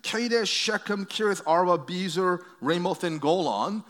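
A man's voice: sits high, unhurried, a bit bright. A man preaching a conversational sermon to a congregation, telling stories and asking questions, with frequent restarts. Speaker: pastor.

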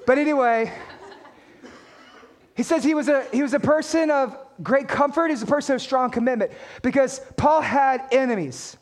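A man's voice: very high voice, moderate pace. A man preaching a sermon as a pastor, talking straight to his congregation with emphatic points and playful jokes.

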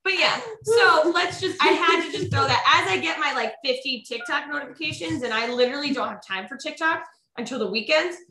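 A woman who teaches chats as a podcast guest, telling animated stories in a bright, lively voice. Her voice sits a bit high and echoes around the room. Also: fairly quick. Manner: animated storyteller, chatty. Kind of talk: casual podcast chat. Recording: roomy echo.

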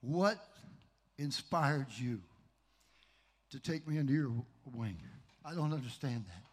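A man's voice: medium pitch, expressive, unhurried, husky. A man pastor introducing his mentor in a candid, storytelling way with emphatic bursts. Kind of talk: sermon introduction.

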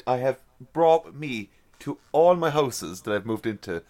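A man's voice: medium pitch, expressive, unhurried, darkish tone. A man in a casual podcast chat, bantering and swearing freely. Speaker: podcast co-host.

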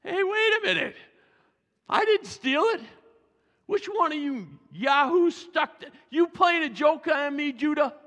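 A man voicing an indignant young man who protests his innocence in high, loud shouts. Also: lively intonation, unhurried, exaggerated voice. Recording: long hall reverb.

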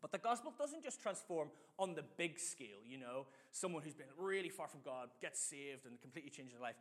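Brisk and on the higher side, a middle-aged preacher keeps his sermon lively and conversational, drawing on personal anecdotes and guiding the congregation through call-and-response.

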